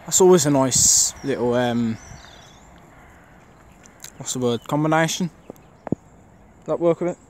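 A man's voice: medium pitch, measured pace, pauses often, a little mellow, a little hiss or hum. A man filming trains on an outdoor station platform, giving a rambling, casual commentary full of fillers to his camera mic. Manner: chatty, rambling, thinks aloud with many fillers.

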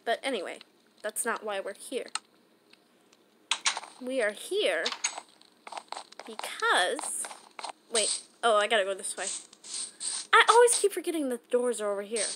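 A woman's voice: a little high, big pitch swings, measured pace, long pauses. A woman casually talking through a game as she plays, rambling and chatting to herself. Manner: chatty, rambling self-talk. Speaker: gaming channel host. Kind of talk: casual gameplay commentary. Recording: loud background noise.

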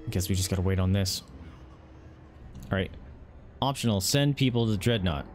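Excitable swearing gamer, lowish voice. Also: male voice, normal speed, slight background noise. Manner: excitable, swears, reads game text aloud. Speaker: gaming channel host. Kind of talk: let's play commentary.

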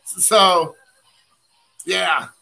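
A middle-aged man from the United States hosting a card-opening livestream, chatting in a rambling, excitable way and calling out to viewers. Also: high-pitched, drawn-out words, gravelly, faint music behind, poor audio. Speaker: card-breaking livestream host. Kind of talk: casual livestream chat while opening cards.

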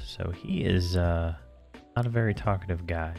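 A man's voice: deep voice, moderate pace, creaky, a little mellow, soft background music. A man casually talking through a video game quest, with lots of hesitations. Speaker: gamer commentator. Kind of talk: game playthrough commentary.

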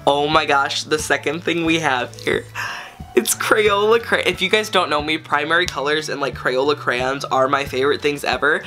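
A woman vlogging an unboxing in an excitable, gushing way, full of exclamations. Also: low-pitched. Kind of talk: casual unboxing vlog.

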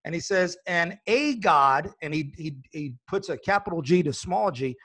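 Male host, earnest, probing questions, fairly high voice. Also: a little fast. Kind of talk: hosting a religious discussion.

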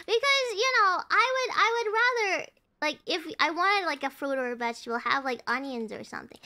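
A young woman streamer chatting casually while playing a cooking game, excitable and repeating herself in frantic bursts. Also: very high voice, fairly quick. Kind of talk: casual gaming stream commentary.

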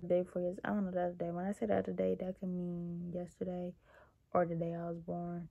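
A young woman telling a workplace story in a casual, animated, sassy way. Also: fairly low pitch, quick pace, creaky, highs cut off. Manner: animated, sassy, petty venting with dramatic emphasis. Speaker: vlogger telling work stories.

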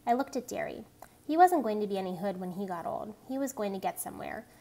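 A woman reads a novel chapter aloud in a plain, even storytelling voice. She gives the characters' lines small lifts without putting on voices. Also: medium pitch, fast talker, gravelly. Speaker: reader.

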